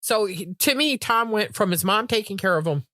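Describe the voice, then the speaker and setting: A woman's voice: mid-range voice, normal speed, no echo, clean studio sound. A middle-aged woman co-hosting a podcast, telling stories in casual chat, acting out quotes with frequent swearing. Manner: animated storytelling with acted-out quotes, frequent swearing. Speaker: podcast co-host.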